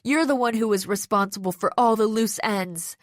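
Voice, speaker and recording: A woman's voice: moderate pace, dry recording, studio quality, close to an everyday voice. A woman voicing a teenage girl detective in an audiobook, speaking in a tense, shaky, pleading way. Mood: scared, pleading. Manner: tense, pleading, voice higher and shakier. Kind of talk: audiobook character voice.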